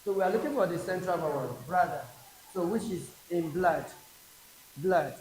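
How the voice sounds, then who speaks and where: A man with a Nigerian accent teaching an exam prep English class, slowly repeating each word aloud for drilling. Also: high voice, a little mellow. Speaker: English tutor. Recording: echoey classroom with faint hiss.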